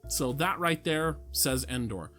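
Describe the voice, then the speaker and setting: A man co-hosting a casual podcast, blunt and opinionated, quick to laugh. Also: on the high side, expressive, a bit bright, faint music behind. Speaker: podcast co-host. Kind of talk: casual chat.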